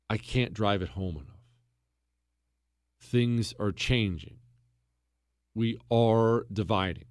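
A man's voice: medium pitch, no echo, clean studio sound. A man hosting a political talk show, lecturing emphatically and repeating himself for stress. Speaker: podcast host.

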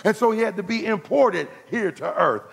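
A man preaching a sermon as pastor, calling out to the congregation and swinging from loud to hushed. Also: high-pitched, lively intonation, normal speed, vocal fry, slightly rough, long reverb tail.

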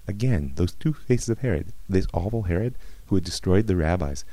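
Male rabbi-teacher, very low mellow voice, dry close sound; animated lecturer who tells history as a story. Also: a little fast, dry recording. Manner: lively storytelling with asides.

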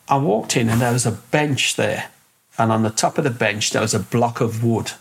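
A man's voice: fairly low pitch, gravelly, slight background noise. An older man telling a story as an interview guest, rambling and restarting with lots of fillers. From England. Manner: rambling, repeats words, many fillers. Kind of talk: casual storytelling.

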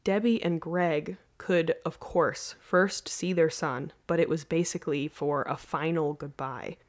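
Podcast host, woman, lowish voice, earnest casual storyteller. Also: a little slow. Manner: earnest, lively, laughs easily.

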